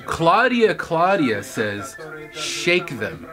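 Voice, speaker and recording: A man's voice: medium pitch, very animated, slow pace, music in the background. A man hosting his own video, reading viewer comments aloud and answering with wisecracks and laughs. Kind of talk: casual chat.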